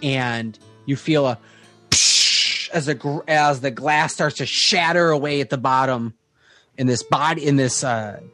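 A male game master narrates a tabletop game at a mid pitch, pausing often and restarting his sentences. Faint music plays behind him. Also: sharp tone, no room sound. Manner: descriptive, hesitant, with many fillers.

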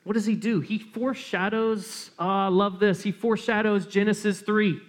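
High-voiced man preaching a sermon. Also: fairly even intonation, moderate pace, hardly any pauses. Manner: earnest preaching, repeats phrases for emphasis. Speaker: pastor.

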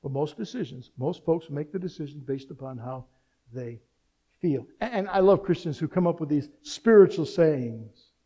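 Middle-aged male pastor with a high voice, preaching with energy and humor. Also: normal speed, breathy edge. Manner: animated preaching with rhetorical questions and humor. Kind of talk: sermon.

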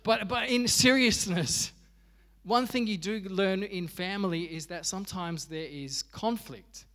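A man's voice: sits high, unhurried, a bit bright, big-room sound. An Australian man preaching a sermon as pastor, telling stories with humor and animation. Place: church.

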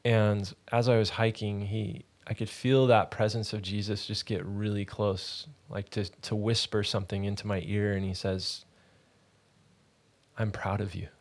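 A man hosting a ministry podcast, telling a personal faith testimony in an earnest, halting, conversational way. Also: fairly low pitch, little pitch movement.

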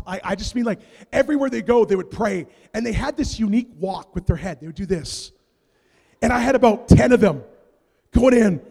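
A man from Canada preaching a sermon, telling stories with swings from hushed asides to loud shouts. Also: extremely high pitch, gravelly. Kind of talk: sermon storytelling. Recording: long reverb of a large hall.

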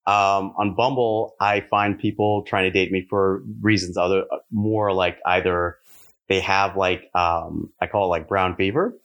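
A man with a Californian accent telling stories in a casual chat, animated and laughing often. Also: sits low, a little slow, highs cut off.

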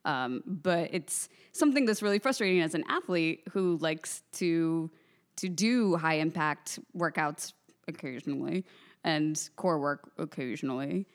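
Woman podcast co-host, lowish voice, playful and frank in casual banter. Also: lively intonation, measured pace. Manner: playful, giggly, talks openly and candidly. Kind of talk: casual chat.

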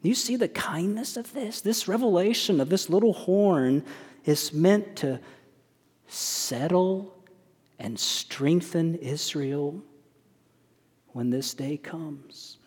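A man's voice: a little high, expressive, slow pace, darkish tone, husky. A male pastor preaching a sermon, emphatic, often putting rhetorical questions to his congregation. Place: church sanctuary. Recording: long church hall reverb.

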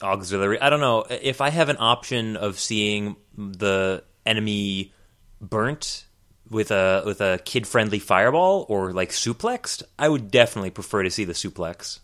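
Man, podcast co-host, lowish voice, dry, hesitant, lots of ums. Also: moderate pace, a bit bright. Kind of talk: casual chat reviewing a cartoon.

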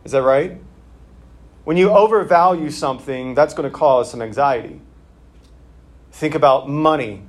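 A man's voice: fairly high pitch, moderate pace, long pauses. Man preaching a conversational sermon. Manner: conversational, with fillers and restarts. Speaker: pastor.

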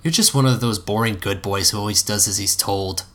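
A man reading aloud and voicing a dry, sharp-tongued teenage witch girl. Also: on the low side, a little fast, close to an everyday voice. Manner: teasing, dry and sarcastic.

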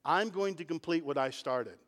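High-voiced man preaching in a hall. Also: moderate pace, fairly bright tone. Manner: emphatic preaching, rising in pitch and volume at key points. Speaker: pastor. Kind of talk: sermon.

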